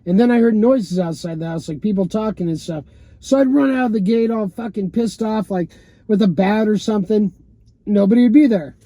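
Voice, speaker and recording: A man's voice: high-pitched, a little fast, mellow, no echo. A man telling his own story in a loose, rambling monologue from a parked car, full of "you know" and "man" and casual swearing. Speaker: vlogger telling a personal story.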